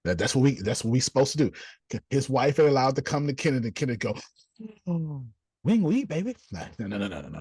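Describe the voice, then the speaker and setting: Animated husky preacher-like man teaching. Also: medium pitch, dry recording. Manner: preachy and playful, acts out little scenes in voices. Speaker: teacher leading a group class. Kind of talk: animated group teaching talk.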